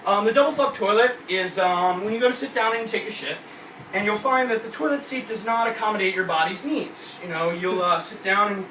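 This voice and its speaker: A man's voice: sits high, fairly quick, sharp tone, slight background noise. Young man ranting crude stand-up. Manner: crude, ranting, mock-outraged. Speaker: stand-up comedian. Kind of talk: stand-up routine. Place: comedy club stage. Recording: echoey club from a distant mic, crowd laughing.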